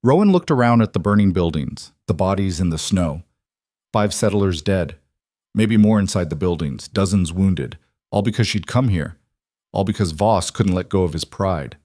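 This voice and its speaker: Low-voiced male story narrator. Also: normal speed, no echo, studio quality. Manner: steady, dramatic storytelling. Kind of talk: scripted narration.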